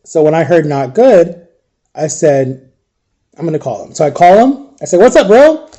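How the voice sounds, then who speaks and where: A tearful man speaks straight to his viewers in a raw, confiding monologue. His voice sits a little high for a man and has a mellow, soft tone. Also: lively intonation, moderate pace. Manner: addresses viewers directly. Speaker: vlogger. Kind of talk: emotional storytime monologue.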